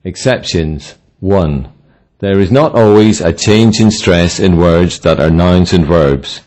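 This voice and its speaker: Deep slow-spoken male lesson narrator. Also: a little mellow. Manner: slow, deliberate, instructional. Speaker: language teacher. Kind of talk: scripted narration.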